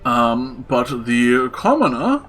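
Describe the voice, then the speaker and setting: A man's voice: mid-range voice, very animated, takes it slowly, a bit bright, soft background music. Young man running a tabletop game. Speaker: dungeon master.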